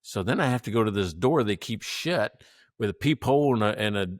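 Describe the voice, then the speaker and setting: Lowish-voiced man telling a story. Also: fairly quick, dry recording, clean studio sound. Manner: animated, acts out quotes, laughs often, swears. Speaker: podcast co-host. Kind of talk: casual storytelling chat.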